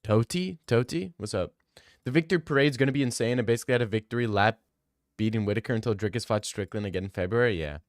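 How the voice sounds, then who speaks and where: Excitable young male streamer, dry sound. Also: on the low side, no echo. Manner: excitable, fast bursts, repeats himself. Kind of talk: casual chat with viewers.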